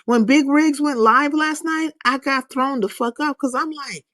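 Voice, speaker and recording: A woman with a high, slightly bright voice speaks a little slowly while hosting her own livestream. She rambles loosely and swears a lot, reacting to comments, reading the chat and greeting viewers.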